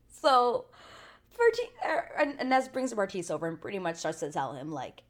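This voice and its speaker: A woman's voice: mid-range voice, sing-song, moderate pace. A woman hosting a casual TV recap vlog, chatty and blunt, full of "like" fillers and swearing. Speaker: TV recap channel host.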